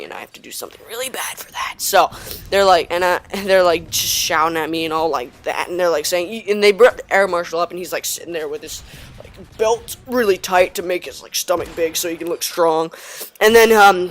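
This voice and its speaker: A teenage boy narrates a personal story for his gaming channel in a rambling, excitable way. He keeps slipping into quick impressions of the people he talks about, with plenty of fillers and restarts, recorded on a home mic for game commentary. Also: high voice, a little hiss or hum. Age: teens. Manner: rambling, excitable anecdote with acted-out quotes. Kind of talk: storytelling over gameplay.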